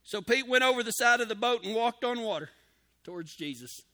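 A man's voice: extremely high pitch, lively intonation, a little fast, pushed and bright. A man preaching a sermon in a folksy, emphatic way, with cowboy slang and key phrases repeated for emphasis.

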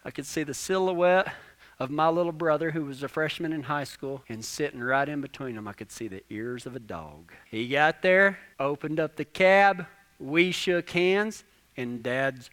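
Young male preacher, twenties; high, bright voice; animated, repetitive storytelling. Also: normal speed. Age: 20s. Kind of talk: storytelling sermon.

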